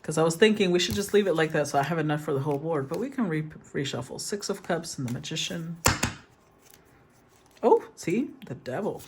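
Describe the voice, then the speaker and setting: A woman's voice: deep voice, expressive, fairly quick, a little mellow, slight background noise. Soothing woman reading tarot aloud. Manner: soothing, thinks aloud and rephrases. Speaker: tarot reader.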